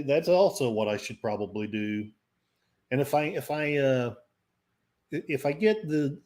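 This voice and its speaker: A man with a medium-pitched, slightly mellow voice hosts a casual livestream. He rambles and pokes fun at himself while reading the chat and chatting with his pets.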